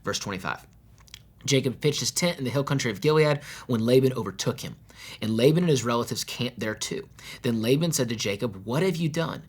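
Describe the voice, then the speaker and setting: A man's voice: mid-range voice, a little fast, breathy edge. A male pastor preaching a sermon, reading scripture aloud and explaining it in a casual, conversational way with modern slang. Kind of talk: sermon with Bible reading and commentary.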